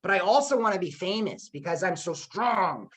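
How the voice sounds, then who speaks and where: A man's voice: sits high, expressive, normal speed, fairly bright tone. A man voicing a boastful, strong young king in a retold myth, offhand and casual.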